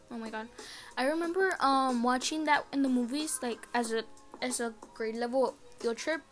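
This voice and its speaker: A woman's voice: sits high, a little fast, faint music behind. A teenage girl chatting alone on her podcast from her bedroom, rambling and swearing casually. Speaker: podcast host. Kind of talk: casual solo podcast chat.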